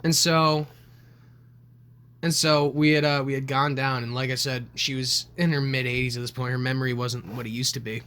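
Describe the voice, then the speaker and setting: This podcast co-host is a young man with a medium-pitched, clear and resonant voice, speaking at a normal speed. In a casual storytelling chat, he animatedly recounts family stories, swearing a lot and performing the quoted voices.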